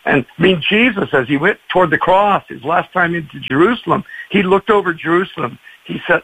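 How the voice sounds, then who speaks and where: A man speaks as a pastor guest on a radio show, telling stories and acting out the quotes. His voice sits high and swings widely in pitch. It has a husky edge. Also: a little fast, hardly any pauses, rough recording. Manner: animated, acts out quoted voices. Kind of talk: storytelling on a radio talk show.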